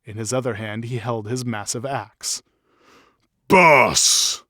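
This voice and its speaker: A man's voice: mid-range voice, level tone, normal speed, dry recording. Man reading a fantasy story, dry. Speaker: audiobook narrator.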